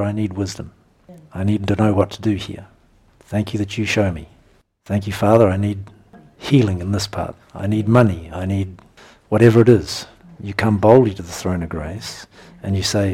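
A man preaching a sermon, his voice husky and sitting a little low. He works through scripture verses one by one and breaks into emphatic, animated bursts with chuckles. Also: normal speed. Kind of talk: sermon teaching.

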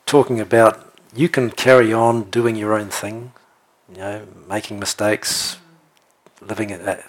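Husky guy preaching, jokey and animated, laughs a lot, checks in with the crowd. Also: on the low side, measured pace. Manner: animated, jokey, laughs often, asks the room "right?". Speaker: pastor. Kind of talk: sermon.

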